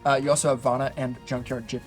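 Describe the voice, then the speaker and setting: A man's voice: medium pitch, level tone, racing, soft background music. A man narrating a tabletop game as dungeon master, casual and rambling with many fillers.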